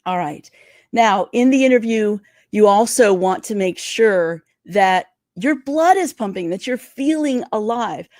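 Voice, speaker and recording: A woman career coach giving interview tips in a livestream, talking fast and excitedly. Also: mid-range voice, no echo, studio quality. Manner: energetic, talks fast and excitedly.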